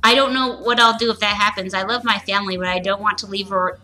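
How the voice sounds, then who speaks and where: A woman's voice: mid-range voice, fairly even intonation, quick pace, pushed and bright, faint music behind, lightly acted. A woman voicing a nervous young female toad from a game, reading the lines plainly. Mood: worried.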